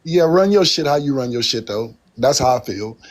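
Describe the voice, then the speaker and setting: A man's voice: mid-range voice, animated, moderate pace. Guest: a laid-back man, mid-range voice. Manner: laid-back, loose and profane. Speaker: guest on a live stream. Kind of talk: casual live stream chat.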